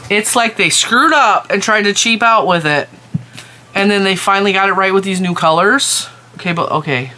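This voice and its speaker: A woman making a casual, chatty vlog, excitedly showing yarn to her viewers at home. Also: mid-range voice, brisk, a little hiss or hum. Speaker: crochet and yarn vlogger. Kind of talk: casual show-and-tell vlog.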